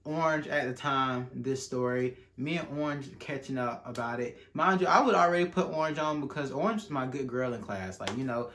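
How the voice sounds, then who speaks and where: A young man telling a casual, animated storytime, acting out quotes and using slang. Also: mid-range voice, brisk, few pauses, slight background noise.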